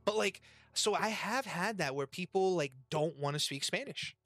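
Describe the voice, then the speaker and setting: A man hosting a casual podcast chat, animated and profane, with lots of slang. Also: high voice, normal speed, no room sound. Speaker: podcast host and restaurant worker. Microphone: webcam and desk mic.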